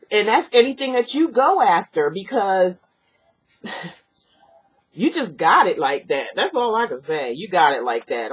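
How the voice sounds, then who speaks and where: Earnest and rambling, a woman does a personal tarot reading, going over the same points again, saying um in the pauses, and sniffling because of allergies. Her voice is low with a breathy edge.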